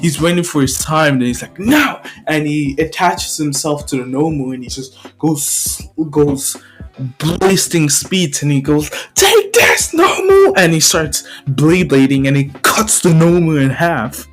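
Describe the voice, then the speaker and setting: Man excitedly rambling through a story. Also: on the high side, soft background music. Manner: rambling, excited, quick restarts. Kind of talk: casual storytelling of a fan scenario.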